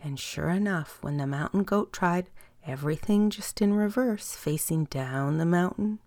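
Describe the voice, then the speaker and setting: Female storyteller for a bedtime tale: soft and lilting, with gravelly fry and a dry, close sound. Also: fairly low pitch, no echo. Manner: soft and lilting, slowing down and dropping to a whisper on some words.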